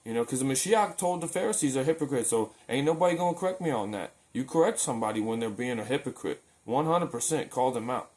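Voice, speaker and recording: An animated man at medium pitch, a little mellow, talks quickly with few pauses. In his daily faith video he preaches casually and earnestly, often restarting thoughts and repeating words.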